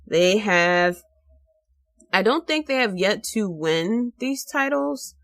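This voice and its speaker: A woman's voice: medium pitch, animated, slow pace, fairly bright tone. A woman hosting her own podcast, talking casually in a chatty, rambling way with lots of fillers and restarts. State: tired, late at night. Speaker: podcast host. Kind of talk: casual solo podcast talk.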